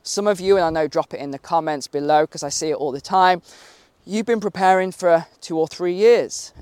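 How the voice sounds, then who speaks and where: Hoarse man urgently vlogging on a walk. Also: fairly high pitch, a little mellow, dry recording. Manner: emphatic, urgent, rambling asides. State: losing his voice. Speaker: finance YouTuber. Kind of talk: walk-and-talk vlog commentary. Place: outdoors, walking.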